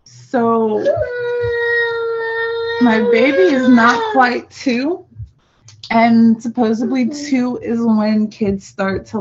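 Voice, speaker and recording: A woman on a video call who reads her own poetry and talks about it, in an unhurried, reflective way with casual fillers. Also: medium pitch, a little mellow, dull audio, a little hiss or hum. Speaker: guest poet.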